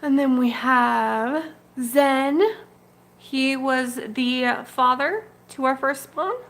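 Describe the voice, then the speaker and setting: A woman's voice: high-pitched, fairly bright tone. A woman hosting a casual livestream from her home fish room, chatting fondly and cooing at her fish while carrying the camera around. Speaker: betta fish breeder and channel host. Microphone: handheld camera moved around the room.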